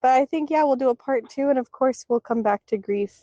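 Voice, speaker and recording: A woman's voice: high-pitched, a little fast, no echo. Frank woman co-host, dull dry sound. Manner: steady, supportive, frank about hard topics. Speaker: podcast co-host. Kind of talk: casual podcast chat.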